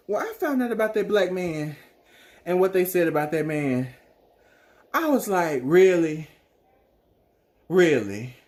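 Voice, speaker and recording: A man from South Mississippi giving earnest personal commentary, full of rhetorical questions. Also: high voice. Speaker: vlogger.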